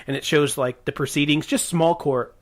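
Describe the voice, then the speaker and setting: A man's voice: fairly high pitch, fairly even intonation, normal speed. A man co-hosting a casual podcast, telling stories in a rambling, hesitant way, full of ums and restarts. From Portland area, US. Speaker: podcast co-host. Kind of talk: casual storytelling chat.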